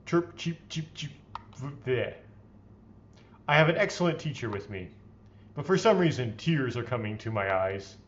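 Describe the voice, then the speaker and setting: A man's voice: medium pitch, very animated, moderate pace, long pauses, muffled recording, background noise. A man hosting a let's play, reading visual novel text aloud in a playfully theatrical way and adding his own comments.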